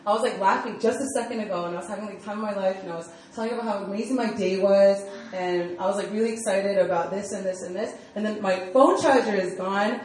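A woman's voice: mid-range voice, quick pace, few pauses, a little mellow, slight background noise. Chatty young woman preaching in an echoey hall. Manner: chatty storytelling full of fillers. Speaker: speaker at a church youth group. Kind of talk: casual sermon. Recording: echoey room, mic far off, faint ambience.

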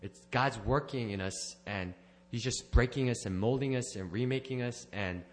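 A man's voice: mid-range voice, normal speed, a little hiss or hum. A man sharing a personal testimony at church, rambling and correcting himself, with small laughs. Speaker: church member giving a testimony.

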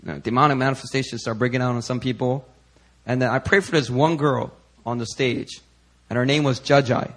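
A man preaching, telling a chatty testimony in an animated, storytelling way with lots of fillers. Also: mid-range voice, fairly quick.

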